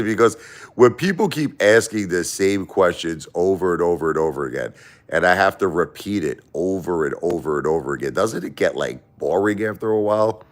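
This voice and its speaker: A middle-aged man with a Brooklyn accent, hosting a casual livestream and rambling as he lectures his chat directly. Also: low-pitched. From Brooklyn, New York. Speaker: livestream host.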